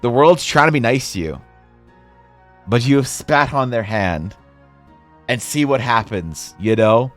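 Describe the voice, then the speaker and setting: A man streaming, chatting casually while he draws, in a rambling, profane, animated way. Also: medium pitch, a little slow, pauses often, faint music behind.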